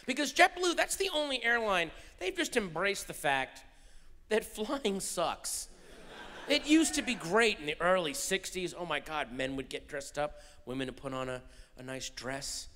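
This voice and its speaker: Bright-voiced comedian ranting on stage. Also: male voice, on the high side, unhurried, slight background noise. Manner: animated, swinging from mutters to shouted rants. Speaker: stand-up comedian. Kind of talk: stand-up comedy routine. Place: large theater stage before a live audience. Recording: live hall recording with reverb.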